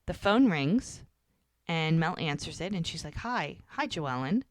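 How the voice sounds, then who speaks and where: A woman co-hosting a podcast, chatting casually and retelling scenes with animated acted-out dialogue. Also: deep voice, measured pace, no room sound, clean studio sound. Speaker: podcast co-host. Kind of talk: casual chat recapping a TV episode.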